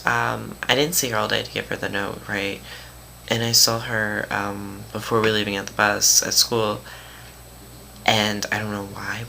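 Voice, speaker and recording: Gravelly, bright-voiced teen guy venting. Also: on the low side, a little hiss or hum. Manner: animated, dramatic retelling with mocking quotes. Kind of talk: casual vlog storytelling.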